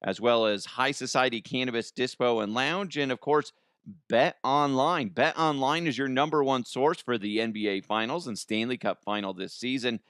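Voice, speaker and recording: A man's voice: mid-range voice, moderate pace, fairly bright tone, smooth, dry recording, studio quality. A man hosting a comedic news podcast in a casual, joking way, laughing often; he sounds like he is in his thirties and records at home. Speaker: podcast host.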